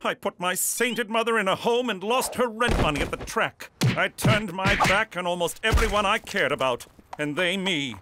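A man's voice: high-pitched, normal speed, noisy background, close to an everyday voice. A man voicing a formal, over-earnest male Mountie and reformed gambler in an adult cartoon. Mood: solemn. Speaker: lead character and narrator.

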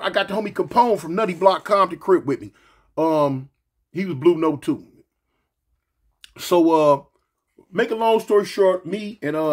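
High-voiced man with a lisp. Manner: animated, slangy, rambling with fillers and restarts. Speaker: storyteller recounting his past. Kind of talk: casual storytelling.

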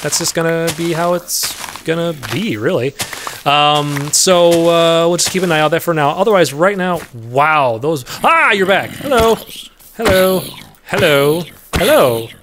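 A man's voice: on the high side, a little slow, noisy background. A man hosting a let's play in casual gameplay commentary, rambling along and chatting to the creatures in the game, with easy laughs and sudden yelps. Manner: laughs easily, bursts into loud yelps.

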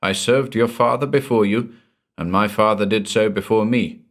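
A man's voice: lowish voice, normal speed, natural voice. A man reading as a grave old Scottish manservant. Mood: solemn. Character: old loyal male Scottish manservant, devout and steady.

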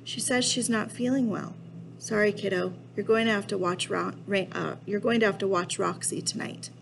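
Patient storybook dad voiced by a woman, firm, apologetic, slightly gravelly. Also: medium pitch, fairly even intonation, normal speed, a little hiss or hum, close to an everyday voice, low-quality recording. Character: patient, firm father of two kids.

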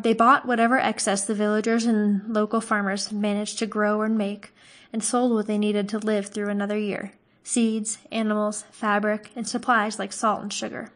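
A woman narrating a fantasy novel aloud in a calm, measured way. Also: mid-range voice. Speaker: audiobook reader.

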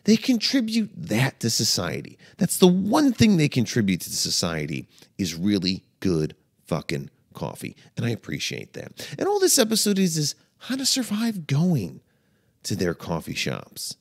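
A man's voice: wildly swooping pitch, normal speed, vocal fry, slightly rough. A man hosting a comedy podcast, delivering a playful, mock-dramatic monologue. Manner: playful, mock-dramatic, swings between low mutters and high exclaims.

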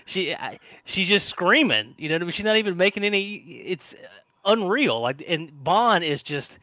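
A man's voice: high-pitched, big pitch swings, a little slow, pushed and bright, no room sound. A man giving sarcastic commentary and mocking the people in an old recording.

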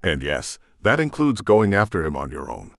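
A stern, commanding woman, read by a man in his own deep voice. She gives clipped, no-nonsense orders. The sound is dry and close. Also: very animated, normal speed, vocal fry, dry recording, heavily acted. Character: stern commanding woman demon-hunt leader.

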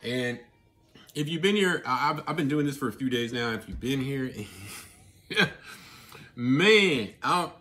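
A man talking casually to his viewers while he eats, chatty and excitable, with mouthfuls and happy murmurs between his sentences. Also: mid-range voice, unhurried, long pauses, slight background noise. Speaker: vlogger. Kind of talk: casual eating vlog.

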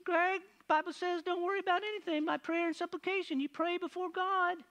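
A man imitating his wife, who reminds him of scripture in a high, chiding falsetto. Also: fairly even intonation, brisk, pushed and bright, exaggerated voice. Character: nagging, scripture-quoting wife.

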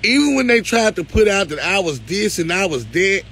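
A man's voice: high-pitched, very animated, moderate pace, a bit bright, husky, poor audio. A man talking to his viewers on a livestream, emotional and close to tears, with a preacherly lift. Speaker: live-stream host.

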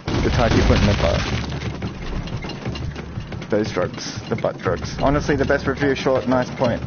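A man from Australia, rambling through jokey live commentary while playing a VR game, breaking into loud yelps. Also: mid-range voice, unhurried, very noisy. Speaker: VR game streamer. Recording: dull lo-fi audio with loud game music.

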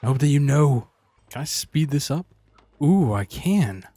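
A man's voice: a little high, expressive, measured pace, mellow, no echo. Profane sarcastic man playing a game. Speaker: gaming channel host. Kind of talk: casual gameplay commentary.

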